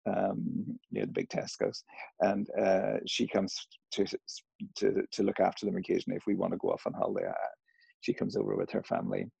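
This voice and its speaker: A middle-aged man with a Northern Irish accent softened by years in America, his voice very low and gravelly with a husky edge. He talks in a casual, hesitant way, full of fillers and restarts. The sound is dry and close. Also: brisk, no echo, muffled recording. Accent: Northern Irish, slightly Americanized. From Northern Ireland. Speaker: interviewee. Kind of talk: casual interview conversation.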